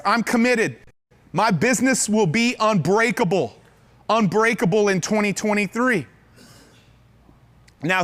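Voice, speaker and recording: A man's voice: high voice, a bit bright. A man hosting a live business event. He talks to the crowd with lots of energy, rallies them, and calls out audience members. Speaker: event host.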